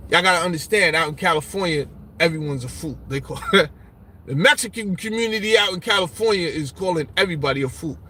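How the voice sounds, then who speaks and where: A man's voice: a little high, fast talker, a little hiss or hum. A man talking in a casual, mocking way, answering viewer comments with lots of repetition. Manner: animated, mocking, repeats "you understand?". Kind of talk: casual opinion talk. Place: Brooklyn.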